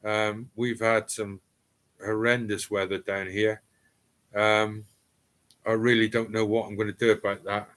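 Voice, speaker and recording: A man's voice: fairly low pitch, flat delivery, unhurried, pauses often, a bit bright. A middle-aged man with an East Cornish accent hosts a live stream from his home cellar. He chats casually and rambles, reading out viewer comments. His talk is full of ums and restarts.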